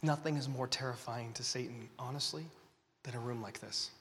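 A man preaching to a young crowd with great passion, dropping to whispers and rising to shouts, while fighting the flu. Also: mid-range voice, a little fast, gravelly. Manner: impassioned, swinging from whispers to shouts. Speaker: speaker at a youth gathering. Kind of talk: sermon. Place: large hall. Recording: long reverb of a large hall.

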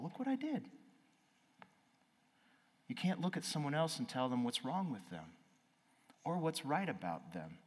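Animated man preaching in a big hall. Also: mid-range voice. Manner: animated, swings from loud exclaiming to quiet. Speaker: pastor. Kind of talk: sermon. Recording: reverberant hall.

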